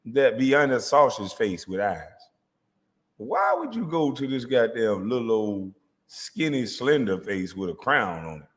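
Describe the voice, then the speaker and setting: A man's voice: medium pitch, in a large hall. A man hosting his own channel, delivering a profane, taunting rant full of rhetorical questions. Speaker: host.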